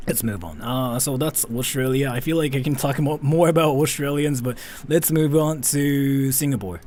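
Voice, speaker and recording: A young man reacting to viewer comments in casual commentary, offhand and sarcastic, sometimes mock-shouting. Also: mid-range voice, moderate pace, slight background noise.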